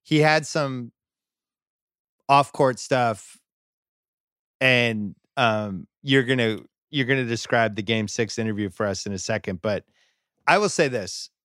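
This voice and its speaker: A man's voice: medium pitch, a little slow, pauses often, a bit bright, no echo, studio quality. A man guesting on a sports podcast, talking conversationally with emphatic asides. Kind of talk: casual sports chat.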